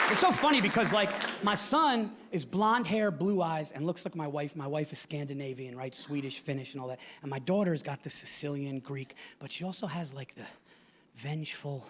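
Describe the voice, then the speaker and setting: High-voiced man doing animated stand-up. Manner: animated storytelling, shouting punchlines, acting out characters. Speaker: stand-up comedian. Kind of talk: stand-up comedy set. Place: theater stage before a live audience. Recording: live show with loud crowd laughter.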